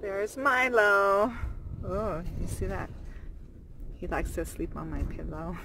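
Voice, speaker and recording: Slow-talking chatty woman vlogger. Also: medium pitch, lively intonation, bright, forceful tone, a little hiss or hum. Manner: chatty, rambling, many fillers and laughs. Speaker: van-life vlogger. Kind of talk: casual vlog chat. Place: inside a van.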